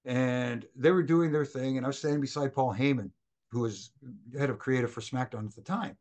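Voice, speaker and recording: Middle-aged male guest, storyteller energy, does quick voices for the people in his stories. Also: medium pitch. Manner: animated anecdotes, acts out quoted voices. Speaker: former wrestling referee, guest. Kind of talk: storytelling in a casual interview.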